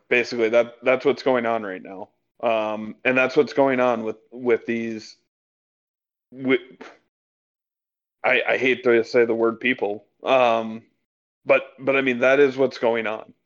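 Male podcast co-host, hesitant delivery, slightly muffled lo-fi sound. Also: mid-range voice. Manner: halting, lots of ums and restarts. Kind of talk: casual political chat.

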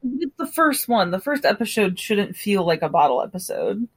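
A woman co-hosting a podcast, recapping an episode in casual chat, animated and laughing often. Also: mid-range voice, normal speed, breathy edge. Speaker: podcast co-host.

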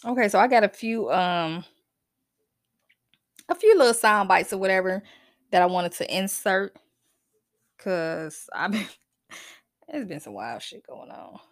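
Lively, exasperated woman podcast host. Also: medium pitch, measured pace, long pauses, dry recording, clean studio sound. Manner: profane, exasperated, laughs and sighs often. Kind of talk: casual chat.

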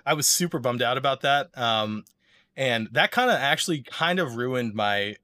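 Bright-voiced man telling a story. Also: medium pitch, lively intonation, normal speed. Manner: rambling, many fillers and restarts. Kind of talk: casual chat.

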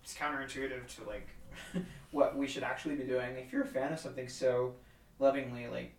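A man's voice: mid-range voice, fairly even intonation, brisk. A man chatting casually on a podcast, rambling and hesitant with many fillers. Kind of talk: casual conversational chat. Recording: roomy sound from a distance off the mic.

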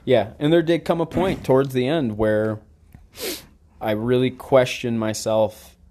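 A man's voice: medium pitch, a little slow. A middle-aged man hosting a podcast, telling a story casually with lots of swearing and acting out the dialogue. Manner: profane, animated storyteller who acts out quoted dialogue. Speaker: podcast host.

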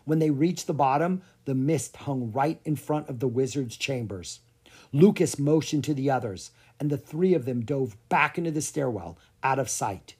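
Husky children's storybook narrator. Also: mid-range voice, a little mellow. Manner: storyteller pacing, dramatic pauses. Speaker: audiobook narrator. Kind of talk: children's chapter book read aloud.

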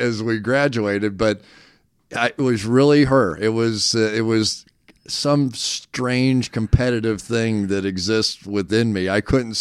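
Smooth low-voiced man telling a story. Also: dry recording, studio quality. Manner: animated self-deprecating storyteller. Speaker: guest, football analyst. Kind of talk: casual storytelling interview.

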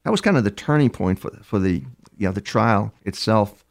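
An older man answers interview questions as a criminal profiler, his voice low and full of gravelly fry. He tells his stories haltingly, stumbling over repeated words, and slips into the voices of the people he quotes. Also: expressive.

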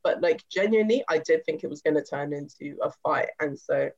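A woman's voice: low voice, fairly quick, a little mellow. A young woman telling a story in casual chat, acting out other people's voices. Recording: slightly dull lo-fi sound.

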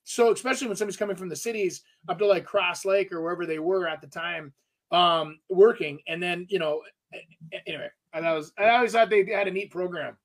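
A man's voice: high voice, fast. A man, a real estate agent, co-hosting a casual chat and talking in a rambling way, full of restarts. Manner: rambling, lots of fillers and restarts.

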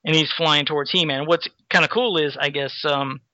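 Podcast host, male, somewhat high and bright, loose rambling delivery full of fillers, dry dull lo-fi recording. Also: fairly even intonation, moderate pace, no room sound. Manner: rambling, many fillers, reads comic captions aloud. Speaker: podcast host recapping a comic. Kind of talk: casual chat. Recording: dull lo-fi sound.

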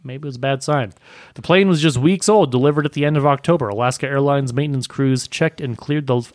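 A man's voice: medium pitch, quick pace, a little mellow, no room sound, studio quality. A young man co-hosting a podcast, joking around, swearing freely and reading news items aloud. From southern Minnesota. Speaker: podcast co-host. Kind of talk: casual chat.

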